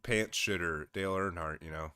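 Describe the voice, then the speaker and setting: A man's voice: deep voice, normal speed, sharp tone, smooth, dry recording, clean studio sound. A man streaming casual reaction commentary, laughing and exclaiming in disbelief.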